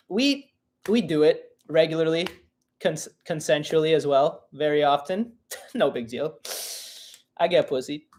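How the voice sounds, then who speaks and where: A young comedian hosts a live-stream Q&A, reading out fan questions and answering them bluntly, with plenty of swearing. He sounds mock-offended, and his voice sits a little high for a man. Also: darkish tone. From Russian-Ukrainian family. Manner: blunt, profane, mock-indignant. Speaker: podcast host and comedian.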